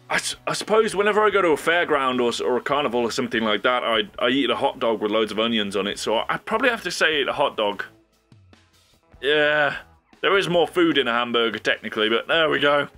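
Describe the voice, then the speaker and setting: A man's voice: mid-range voice, fairly quick, soft background music. A young man hosting his own video, talking casually and rambling with frequent laughs. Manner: animated, rambling, laughs often. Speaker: YouTube host. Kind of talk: casual solo commentary.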